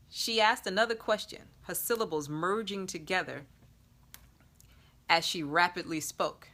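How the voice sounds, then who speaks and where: Slow, bright-voiced woman narrating sultrily. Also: lowish voice. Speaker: erotica reader. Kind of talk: scripted narration.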